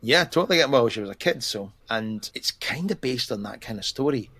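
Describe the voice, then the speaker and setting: A man's voice: mid-range voice, lively intonation, normal speed, a bit bright. A man co-hosting a podcast, chatting casually and laughing easily as he recommends shows. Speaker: podcast co-host. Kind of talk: casual chat.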